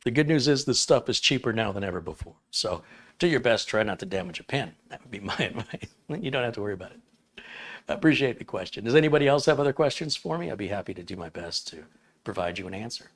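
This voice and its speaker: A man's voice: on the low side, animated, quick pace, a bit bright. A man hosting a live tech stream, answering viewer questions in a folksy, chatty way with small chuckles. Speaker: tech livestream host.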